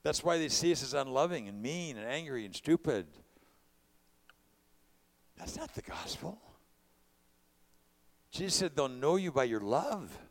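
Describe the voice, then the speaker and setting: A man from California preaching a sermon, mixing conversational storytelling with impassioned calls to his congregation. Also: on the high side. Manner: preaching with rising bursts of volume.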